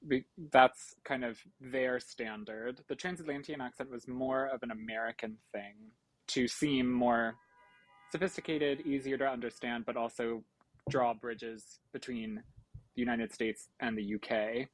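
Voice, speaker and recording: A man's voice: mid-range voice, steady tone, a little slow, no room sound, rough recording. A man co-hosting a podcast, explaining film history at length in a thoughtful, casual way. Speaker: podcast co-host. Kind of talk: casual chat about a film.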